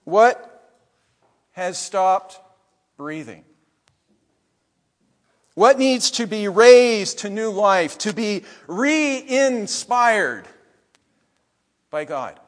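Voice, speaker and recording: Male pastor, high voice, slow deliberate sermon delivery, big church reverb. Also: expressive. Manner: measured preaching, trailing off softly at phrase ends. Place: church sanctuary.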